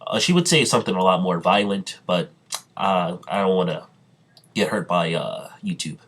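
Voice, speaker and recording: A man casually retelling an anime storyline, halting often with fillers and self-corrections and voicing the characters' lines in his own everyday voice. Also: low voice, expressive, a bit bright, slight background noise. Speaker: storyteller recapping an imagined anime plot. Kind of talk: casual spoken recap with quoted dialogue.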